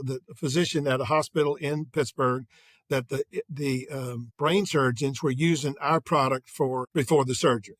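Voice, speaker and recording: A man's voice: fairly high pitch, breathy edge, dry recording. Upbeat older man telling sales stories. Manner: energetic anecdotes with quoted dialogue. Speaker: guest, sales executive. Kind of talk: conversational interview storytelling.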